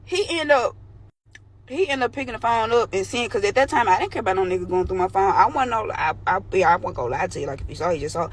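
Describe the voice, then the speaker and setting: A woman's voice: mid-range voice, animated, fast talker, slightly rough. A young woman telling a candid, slangy story from her own life to the camera. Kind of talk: storytime vlog.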